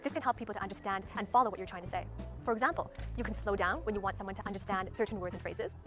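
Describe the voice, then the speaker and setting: A woman talking very fast as she explains speaking techniques. Her enunciation is crisp and her delivery instructive, with her voice sitting at an average pitch. Faint music plays behind her. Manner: brisk, clearly enunciated teaching delivery. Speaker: speaking coach. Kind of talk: instructional talk to camera.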